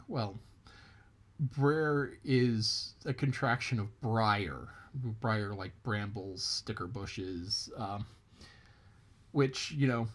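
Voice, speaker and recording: Man, casual storyteller, slow pace, mid-pitched voice, chatty asides. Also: a bit bright. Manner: unhurried, chatty, explaining as he goes. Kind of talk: casual folk tale storytelling.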